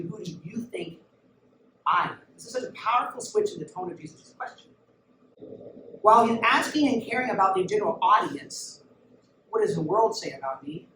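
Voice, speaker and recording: A high-voiced man preaches emphatically to a youth group. He is heard from a distance in an echoey church room. Steady noise sits under his voice. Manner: emphatic, urges listeners to look and listen. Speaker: youth pastor. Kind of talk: sermon.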